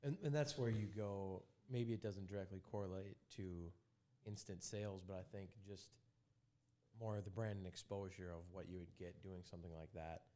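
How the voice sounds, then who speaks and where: A young man in a casual chat, earnestly explaining social media marketing and pausing to find his words. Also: low voice, dark tone. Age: young adult. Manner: earnest, trails off and searches for words.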